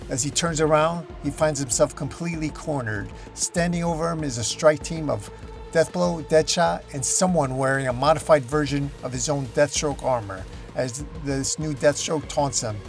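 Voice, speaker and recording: Male host, fairly high voice, dramatic comic-recap narration. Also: normal speed, soft background music. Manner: dramatic, emphatic storytelling.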